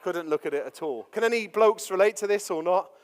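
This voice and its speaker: A man's voice: high voice, brisk, big-room sound. A man, a pastor telling chatty, self-deprecating stories in a sermon. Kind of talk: storytelling sermon.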